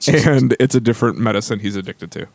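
Male podcast regular, quick deadpan asides, expressive intonation. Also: on the low side, vocal fry, no echo. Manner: quick wisecracks. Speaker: podcast panelist. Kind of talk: casual studio podcast chat.

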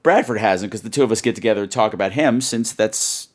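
A man hosting a podcast, telling a funny story with animated, exaggerated delivery and quick asides. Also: fairly low pitch. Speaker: podcast host. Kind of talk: comic storytelling.

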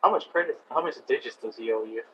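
Fast-talking gruff male player. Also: medium pitch, pushed and bright. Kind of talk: in-character tabletop play. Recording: dull lo-fi audio, faint noise.

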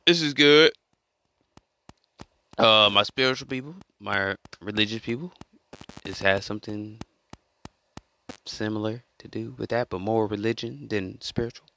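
A man's voice: fairly low pitch, a little slow, vocal fry, pauses often, bright, forceful tone, slight background noise. A man telling a story in a casual monologue, rambling and repeating himself as he goes. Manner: rambling and repetitive, restarts a lot. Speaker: vlogger.

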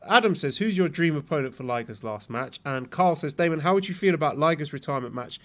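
A man co-hosting a podcast, reading listener questions aloud in a steady, casual way. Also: fairly high pitch, fast. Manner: steady, reads questions aloud and hands them over.

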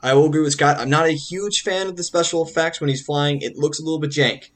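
A man's voice: on the high side, fairly even intonation, fast talker. A man co-hosting a casual film podcast, rambling and often restarting sentences while he hunts for words. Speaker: podcast co-host.

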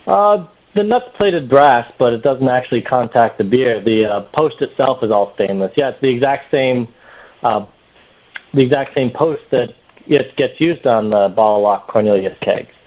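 A man's voice: medium pitch, moderate pace. A man from New Hampshire with a New Hampshire accent, a guest on a podcast, explaining plainly with many "uh" starts. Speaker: guest, small parts maker. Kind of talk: casual podcast chat. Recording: tinny phone-line sound.

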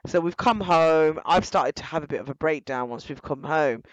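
A young woman, outspoken and animated, talking directly to her listeners in casual storytelling. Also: low voice, moderate pace, a little hiss or hum, poor audio. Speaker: guest telling her story.

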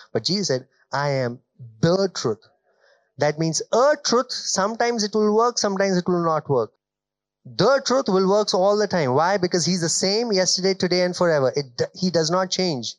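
A male pastor delivers a sermon in a conversational way. He poses questions to his listeners and stretches out key phrases for emphasis. His voice is recorded dry, with no room echo. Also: on the high side.

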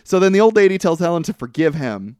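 A man casually recapping a movie on a podcast, lively and profane, breaking into mocking high outbursts. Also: fast, no room sound, studio quality. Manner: lively, swears, mimics characters in exaggerated high outbursts. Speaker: podcast co-host.

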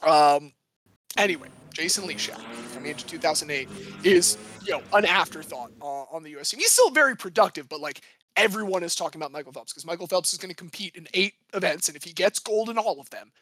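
High-voiced man rambling about sports. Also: animated, quick pace, sharp tone. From United States. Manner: rambling, self-correcting, jokey. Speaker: podcast co-host. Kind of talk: casual sports history chat.

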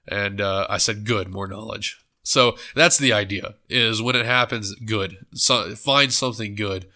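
A man with a low, bright voice hosts a solo book podcast, sounding a little stuffed up. He rambles casually, corrects himself mid-thought and teases with a joke. His tone is loose and conversational. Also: a little slow. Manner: rambling, self-correcting, joking. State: stuffed up nose. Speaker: book club podcast host.

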